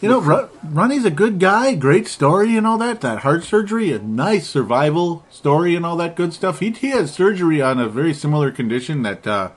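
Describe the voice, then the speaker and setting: A man's voice: a little high, sing-song, a little fast, hardly any pauses, husky. A man co-hosting a casual sports podcast, rambling and laughing often between his points. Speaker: podcast co-host.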